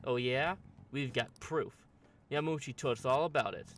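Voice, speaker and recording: A man's voice: mid-range voice, normal speed, distant mic, close to an everyday voice. A man voicing a crude, swaggering teenage bully in a game, blunt and threatening. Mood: menacing.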